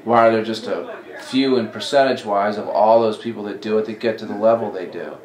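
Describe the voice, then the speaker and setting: Animated man in his forties telling stories. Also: on the low side, a little fast. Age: 40s. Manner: animated, acts out quoted dialogue. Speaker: comedy club talent coordinator. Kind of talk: casual interview storytelling. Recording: echoey room, mic at a distance.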